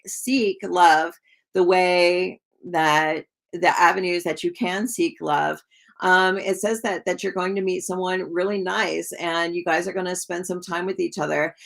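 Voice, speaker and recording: A woman giving live-stream tarot readings in a chatty, gushing way, full of likes and ums and quick laughs. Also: fairly low pitch, gravelly. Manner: chatty, warm to viewers, laughs often. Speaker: tarot reader.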